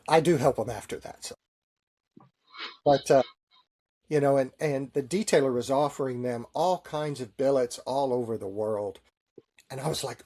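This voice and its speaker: A man's voice: medium pitch, fairly even intonation, a little slow, a little mellow. A middle-aged man who is a Navy chaplain, answering interview questions with easy, good-humored stories.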